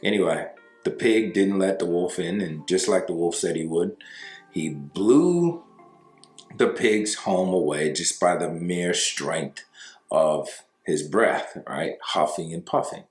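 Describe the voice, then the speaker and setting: Deep-voiced male breakup coach, conversational storyteller, roomy room with faint music under it. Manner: conversational, with fillers and slow emphasis. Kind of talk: storytelling advice monologue.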